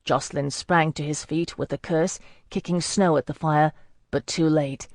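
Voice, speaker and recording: Fantasy audiobook reader, measured first-person storytelling, mid-pitched, dead-dry booth sound. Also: steady tone, no echo. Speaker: audiobook narrator.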